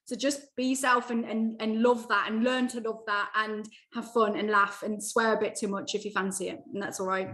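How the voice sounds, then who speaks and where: A woman speaking as a guest in a casual interview, upbeat and animated, talking in quick bursts with frequent restarts. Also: medium pitch. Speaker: guest, mindset coach. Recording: echoey room.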